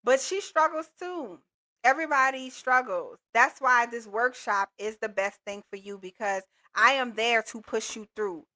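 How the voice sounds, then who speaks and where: Woman coach hosting a live stream; bright, higher voice, pumped-up and slangy. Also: normal speed. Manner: upbeat, motivational, casual slangy talk. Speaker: business coach and livestream host. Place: Texas.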